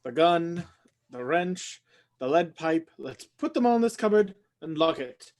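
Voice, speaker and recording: A performer voicing a fussy, jittery male butler who gets flustered and loud, in an amateur live play reading. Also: mid-range voice, expressive, measured pace, close to an everyday voice. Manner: flustered, rising into shouts.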